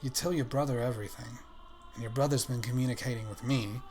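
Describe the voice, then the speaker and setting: A man voicing a scheming older uncle in a tabletop game, speaking with slow, theatrical menace. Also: mid-range voice, steady tone, darkish tone, slight background noise, lightly acted. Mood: smug. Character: scheming older male uncle, creepy and sly.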